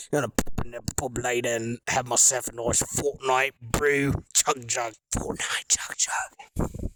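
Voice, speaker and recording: A man's voice: medium pitch, flat delivery, slow pace, noisy background, voice pushed down, close to an everyday voice. A man putting on a Cockney accent, playing a jokey male pub-goer who drops into whispers. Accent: Cockney, put on.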